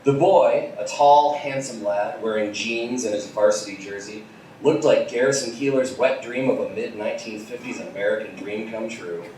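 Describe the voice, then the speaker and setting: A man's voice: fairly low pitch, moderate pace, slight background noise. Man reading crude comedy in a theater. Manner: deadpan storyteller with crude asides. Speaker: comedy reader. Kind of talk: comic live reading of fan fiction. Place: small theater with audience. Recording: distant, echoey live theater recording.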